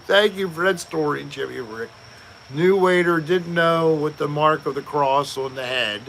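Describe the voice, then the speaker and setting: Male host, gravelly, unhurried, jokey livestream chat, faint background hiss. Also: a little high, a bit bright. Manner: slow, joking, reads chat aloud. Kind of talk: casual live-stream chat.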